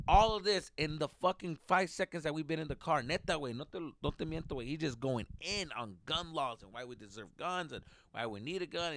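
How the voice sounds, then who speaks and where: Male comedian from california, profane storytelling, lively swings in pitch, gravelly, dry close sound. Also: brisk, hardly any pauses, no room sound. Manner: animated, profane, laughing often. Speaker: comedian, podcast host.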